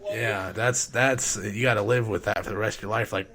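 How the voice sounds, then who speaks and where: A man's voice: lowish voice, steady tone, moderate pace, a bit bright. Profane, blunt podcast host man. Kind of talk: casual chat.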